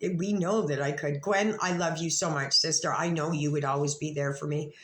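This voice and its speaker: A woman with a lowish voice rambles through a profane, confrontational vlog rant. Her words bounce around an echoey room, and she talks with blunt, jumping thoughts. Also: steady tone, normal speed, a bit bright. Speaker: vlogger. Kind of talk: rambling direct-to-camera rant.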